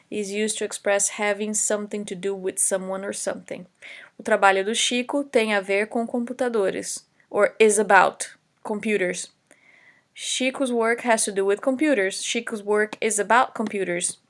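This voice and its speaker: A young adult woman teaching Portuguese in a recorded lesson, explaining examples slowly in English and Portuguese with many fillers. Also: mid-range voice. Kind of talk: recorded online lesson lecture.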